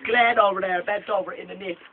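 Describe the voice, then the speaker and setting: A man's voice: high voice, fairly even intonation, a little fast, gravelly, crowd noise. A young man telling a rambling, crude joking story among friends in a shed, often laughing. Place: home shed. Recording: muffled lo-fi, heavy hiss.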